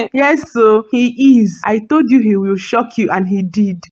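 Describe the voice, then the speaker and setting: A woman's voice: a little high, measured pace, darkish tone, muffled recording. A woman voicing a gushing Nigerian mum. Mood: proud. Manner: effusive, sighing "aw", laughs often. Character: doting proud wife and mother, gushing. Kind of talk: cartoon voice acting.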